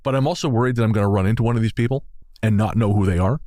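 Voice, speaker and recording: A Canadian man co-hosts a casual podcast with a fairly low voice. He rambles through stories with restarts and frequent laughter, recorded close and dry with no room sound. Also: rapid-fire, warm tone, dry recording. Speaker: podcast co-host. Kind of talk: casual chat.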